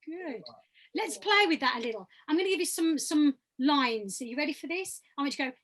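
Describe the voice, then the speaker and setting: High bright-voiced woman running a voice workshop, encouraging, demos everything out loud. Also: expressive, brisk. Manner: encouraging, demonstrates exercises aloud. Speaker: voice workshop leader. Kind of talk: online vocal workshop. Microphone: video call.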